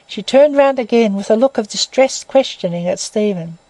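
A woman reading a classic novel aloud as narrator in a measured, even way. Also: a little high, dry recording, poor audio.

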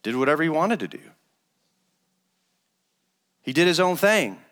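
A man, an associate pastor, preaching a sermon and retelling a parable in a relaxed, conversational way. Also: on the high side, measured pace. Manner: conversational storytelling, retells a parable in casual everyday phrasing. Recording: long reverb of a large hall.

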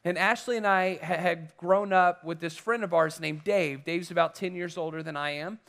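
A man's voice: a little high, steady tone, moderate pace, vocal fry, a bit bright. A man preaching, telling a personal story in a conversational, rambling way with restarts. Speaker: pastor. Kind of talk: sermon storytelling.

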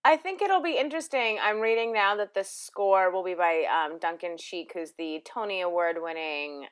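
A woman's voice: lowish voice, normal speed, clean tone. A woman co-hosting a podcast in casual chat, blunt and matter-of-fact as she presents a news item.

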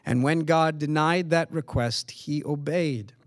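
A man preaching a sermon in an earnest, emphatic way, with dramatic pauses. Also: fairly high pitch, no room sound, clean studio sound. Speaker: pastor.

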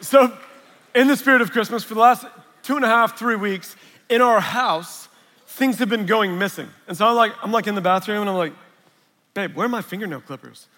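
A man's voice: sits high, brisk, sharp tone. A man preaching a sermon, mixing chatty storytelling and humor with Scripture. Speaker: pastor. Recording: long reverb of a large hall.

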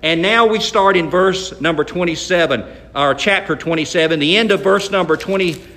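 A man's voice: high voice, moderate pace, sharp tone, echoey room. A male pastor preaching a sermon, retelling a Bible story in a folksy way and acting out the quotes.

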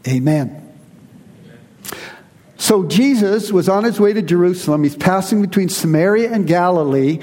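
A pastor preaching a sermon to his congregation, earnest and emphatic, slowing down to stress key words. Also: high-pitched, dark tone. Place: church. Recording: reverberant hall.

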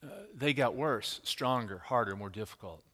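A man preaching a sermon as pastor, telling stories with dramatic swings from loud to hushed. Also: mid-range voice, moderate pace. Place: church sanctuary. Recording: reverberant church hall.

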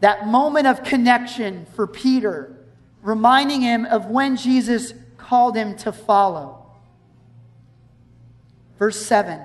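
A woman's voice: fairly high pitch, measured pace. Woman preaching in an echoing hall. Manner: conversational and animated, acting out scenes. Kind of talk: sermon. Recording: long hall reverb.

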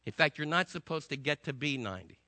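Male pastor preaching to the room, sharp edgy voice, dry close sound, punchy storytelling. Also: a little high, lively intonation, quick pace, no room sound. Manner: emphatic storytelling preacher, swinging between loud and hushed. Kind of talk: sermon.

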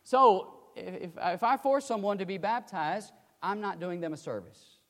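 An older man delivers a sermon in a high voice. He leans hard on key words and falls quiet for asides, with a long hall reverb behind him. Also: lively intonation, moderate pace. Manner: emphatic, rising to loud pleading then dropping to quiet asides. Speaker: preacher.

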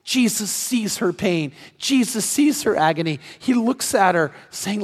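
A pastor with a notably high, light voice that is also husky preaches a sermon, animated yet unhurried. He earnestly tells a personal story and hammers his points home through repetition. A long, lingering reverb carries his voice, as if in a large church sanctuary.

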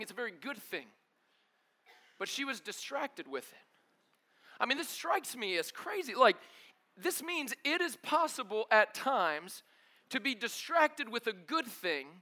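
A man preaching a sermon with animated storytelling, casual slang, and acted-out voices. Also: sits high. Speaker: pastor.

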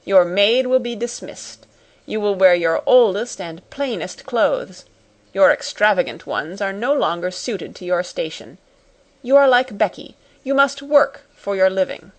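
Bossy cold schoolmistress as a lady narrator puts her on, scolding, slow. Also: medium pitch, animated, lightly acted. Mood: commanding. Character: stern domineering schoolmistress, middle-aged woman.

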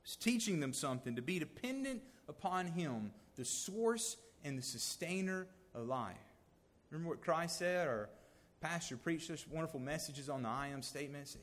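A man giving a sermon, swinging from loud emphasis to hushed, near-whispered lines. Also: mid-range voice, in a large hall. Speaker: lay preacher.

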